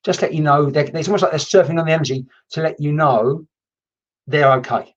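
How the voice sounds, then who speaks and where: A man hosts a live-streamed mediumship session, talking in a rambling, chatty way full of restarts and mild swearing. His voice sits a little high and has a husky edge. The home stream audio is muffled and lo-fi. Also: a little fast. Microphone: computer mic.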